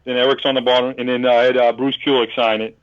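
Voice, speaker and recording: A man's voice: medium pitch, level tone, fast talker, no echo, lo-fi sound. A man from New England, a podcast guest, telling a long story in a rambling way, with many restarts and acted-out bits of other people's lines. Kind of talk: casual storytelling.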